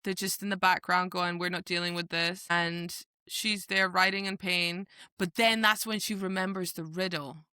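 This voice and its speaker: A woman's voice: fairly low pitch, steady tone, normal speed, hardly any pauses, pushed and bright, clean tone, no echo, studio quality. A woman, co-hosting a casual book chat podcast, retelling scenes animatedly with voiced quotes. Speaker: podcast co-host.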